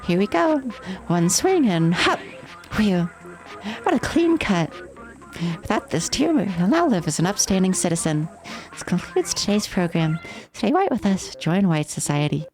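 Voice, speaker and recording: A woman's voice: mid-range voice, big pitch swings, moderate pace, darkish tone, soft background music, rough recording. A woman voicing a gleeful, sadistic female TV game show host in a mocking, theatrical way. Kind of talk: voicing game dialogue on stream.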